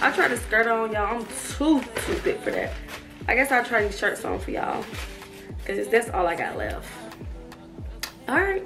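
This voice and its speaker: Breathless chatty young woman in an echoey room. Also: on the high side. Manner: chatty, laughing, addresses viewers as y'all. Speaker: fashion vlogger. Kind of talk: casual try-on haul chat. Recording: echoey room, far from mic, faint music.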